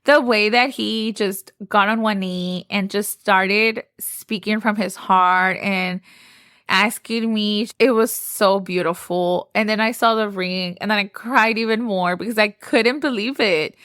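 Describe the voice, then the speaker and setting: A woman's voice: medium pitch, steady tone, measured pace, a bit bright, clear, resonant tone, no room sound, clean studio sound. Chatty young woman, lilt. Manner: chatty, gushing, says "like" often. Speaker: podcast host. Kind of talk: casual storytelling.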